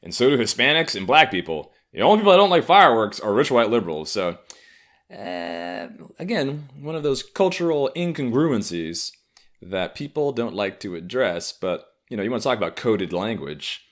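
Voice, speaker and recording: A man's voice: medium pitch, very animated, moderate pace, a bit bright. A man in his thirties from Harlem, hosting a solo comedy podcast with sardonic, profane riffing. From Harlem, New York. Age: 30s. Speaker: podcast host.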